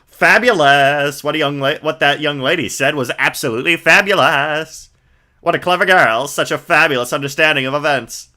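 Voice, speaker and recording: A vain, showboating stage magician croons in a raised, theatrical voice, as a male streamer hams him up. The tone is bright and drawn out, a game character who loves the sound of himself. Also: fairly high pitch, moderate pace, pitched above the performer's own voice. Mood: flamboyant. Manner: theatrical, drawls "sweetie", showy.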